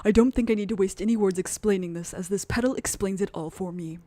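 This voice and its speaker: For a video game, a woman voices a composed, formal male prosecutor, delivering his lines in a measured, confident manner. Her medium-pitched voice is mellow and natural, and the recording is dry.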